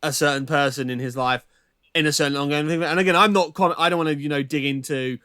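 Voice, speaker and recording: A man's voice: fairly high pitch, steady tone, fast talker, bright, forceful tone, clear, resonant tone, dry recording, studio quality. A man co-hosting a podcast, talking casually and emphatically about an album while searching for words. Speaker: podcast co-host. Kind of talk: casual album review chat.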